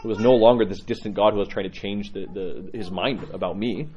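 A man preaching a conversational sermon as an Orthodox priest, telling stories and acting out quoted lines with animated swings. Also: brisk, husky, highs cut off. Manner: animated storytelling, acts out quotes with rising pitch.

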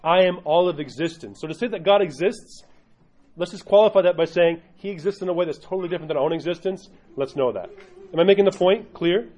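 A man's voice: high voice, quick pace, a little mellow. A man teaching a religion class to a group, who often stops to ask the room questions. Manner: asks the class questions, uneven pace. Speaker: Orthodox Christian teacher. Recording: dull lo-fi recording.

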